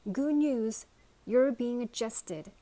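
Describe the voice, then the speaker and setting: Folksy old sheriff toy, kindly, loud, a woman putting him on. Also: a little high, lively intonation, measured pace, voice pushed up.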